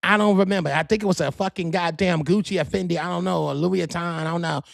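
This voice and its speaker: A man hosting a podcast, telling gossip stories in a profane, rambling, animated way. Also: high-pitched, quick pace, vocal fry, dry recording, studio quality. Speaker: podcast host. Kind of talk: casual storytelling monologue.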